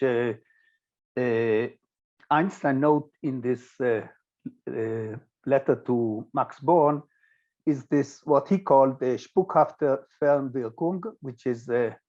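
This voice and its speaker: Israeli man lecturing, halting with fillers. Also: mid-range voice, darkish tone, muffled recording. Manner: hesitant, many filler sounds and restarts. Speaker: physics lecturer. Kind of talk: recorded lecture with slides.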